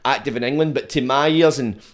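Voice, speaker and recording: A Scottish man hosting a podcast, swearing freely and laughing as he talks. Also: mid-range voice. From Scotland. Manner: sweary, laughing, fast-talking. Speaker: podcast host. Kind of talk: casual chat.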